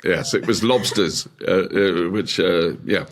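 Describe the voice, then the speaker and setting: A British man sets the question on a comedy podcast and then chats about the answer. His voice is somewhat husky and mid-pitched. He rambles, with plenty of fillers and restarts. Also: measured pace. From Britain. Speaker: question-setter on a panel game. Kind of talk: podcast panel chat.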